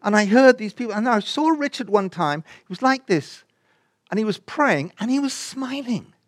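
An older man delivers a personal testimony from the pulpit, his voice sitting a little high and swinging widely in pitch. He tells the story with lively energy, acting out the dialogue and sinking at times nearly to a whisper. The sound is dry and close, with little room echo. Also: moderate pace. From England. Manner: animated storyteller who acts out dialogue and drops to near-whispers. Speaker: preacher.

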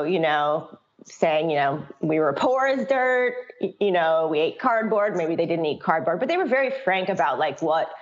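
A middle-aged woman, a children's book author, talking in a casual interview, chatty and frank, laughing often between restarts. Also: on the low side. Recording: dull lo-fi audio.

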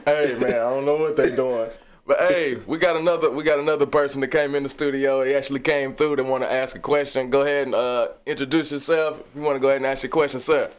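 A man's voice: mid-range voice, steady tone, quick pace, clear, resonant tone. A man hosting a radio show in casual banter, upbeat as he brings on callers and guests. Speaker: radio host.

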